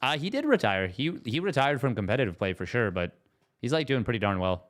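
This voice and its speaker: Male esports caster, mid-pitched, casual and self-deprecating, rambling live play-by-play. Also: big pitch swings, brisk. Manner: playful, self-mocking, rambling asides. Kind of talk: live casual game commentary.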